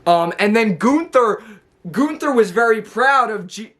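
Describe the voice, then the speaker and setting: A man's voice: high voice, animated, measured pace, a bit bright. A man casually recapping a wrestling show, rambling with lots of fillers and restarts.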